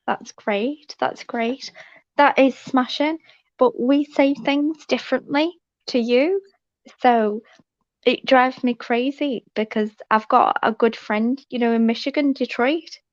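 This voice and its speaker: A woman from England with a Liverpool accent, a guest on a livestream, talking earnestly and deliberately slowed down. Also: high voice, dry recording, dull audio. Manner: earnest, slowed-down, speaks up brightly. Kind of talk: casual livestream chat.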